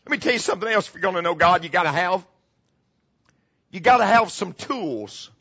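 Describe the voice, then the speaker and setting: A middle-aged male pastor delivers a dramatic sermon in a high, bright, gravelly voice with a husky edge. He repeats his key phrases and sinks to hushed tones. The recording is muffled and slightly lo-fi. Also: lively intonation, a little fast.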